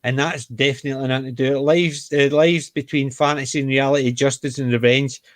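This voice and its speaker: A man's voice: medium pitch, steady tone, a little fast, dry recording. Male panelist, chatty detail-checker, dry close sound. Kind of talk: casual chat.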